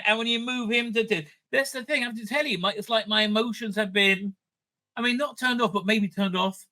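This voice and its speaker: A middle-aged man with a high, sharp, piercing voice, talking in rambling, casual commentary. He swears freely, stops and restarts his sentences, and jumps between outrage and jokes in an animated rant. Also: fairly quick. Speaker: rabbi and online commentator.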